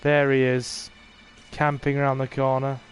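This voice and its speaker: A man with a neutral British accent giving relaxed, chatty commentary on his gaming livestream, with wry asides to the game. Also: mid-range voice, a little slow, faint music behind.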